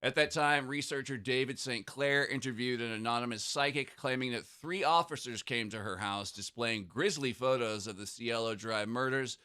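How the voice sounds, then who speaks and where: Podcast guy reading notes out loud, dry jokes in between, kinda scratchy throat, bright clear voice. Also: mid-range voice, normal speed, few pauses. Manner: reads notes with sarcastic asides, clears throat. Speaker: podcast co-host reading research. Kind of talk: casual podcast chat, reading notes aloud.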